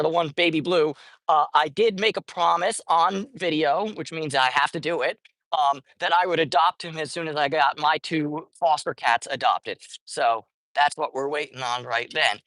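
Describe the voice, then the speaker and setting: A woman's voice: deep voice, a bit bright, dry recording. A woman chatting casually on a livestream while feeding street cats, rambling and often correcting herself. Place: outdoors at a street cat feeding spot.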